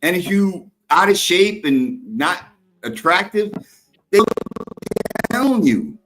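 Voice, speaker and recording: A man's voice: high-pitched, sing-song, slow, music in the background, rough recording. Blunt lecturing older man in a heated debate. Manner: blunt, lecturing, talks over others.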